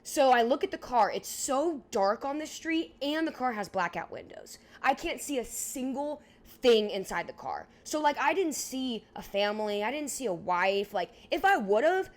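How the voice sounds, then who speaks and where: A young woman in her twenties co-hosting a podcast, telling a story in a casual, animated way, filling it with "like" and acting out what people said. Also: on the high side, moderate pace, few pauses. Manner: animated, heavy use of "like", acts out dialogue. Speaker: podcast co-host.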